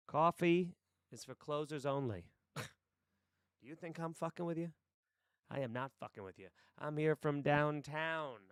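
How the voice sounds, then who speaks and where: A man's voice: fairly high pitch, fairly bright tone, smooth, dry recording, studio quality. A man reading a film monologue aloud, playing an abrasive, cocky sales boss who berates his salesmen in a harsh, profane voice. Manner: harsh, bullying, profane delivery.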